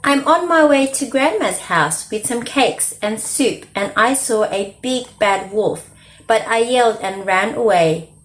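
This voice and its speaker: A woman voicing an excitable little girl, speaking high and gabbling in a breathless rush. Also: takes it slowly. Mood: excited.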